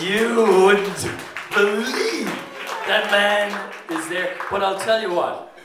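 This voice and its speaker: A man's voice: medium pitch, fairly bright tone. A man in his thirties with an Irish accent, giving a rambling, joking best man's toast at a wedding reception and laughing often. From Ireland. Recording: roomy echo, distant mic, background noise.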